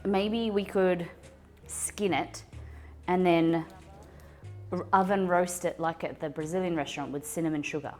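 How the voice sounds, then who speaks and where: Lively Australian woman chatting on stream. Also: fairly low pitch. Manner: chatty, excitable, talks to chat. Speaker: livestream cooking host. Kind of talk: casual livestream chat.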